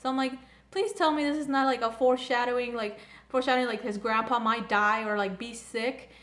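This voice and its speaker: A young woman reviewing an anime episode in casual chat, gushing and excitable, full of "like" and restarts. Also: a little high, brisk. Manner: gushing, filler-heavy, excitable.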